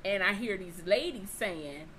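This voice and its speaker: A woman's voice: medium pitch, lively intonation, measured pace, a bit bright, slight background noise, poor audio. A woman telling a personal story in casual chat, acting out both sides of the dialogue.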